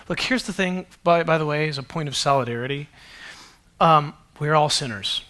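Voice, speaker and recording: Bright, high-voiced pastor preaching. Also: male voice, normal speed. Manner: animated storytelling, acts out dialogue. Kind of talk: sermon. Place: church auditorium with congregation.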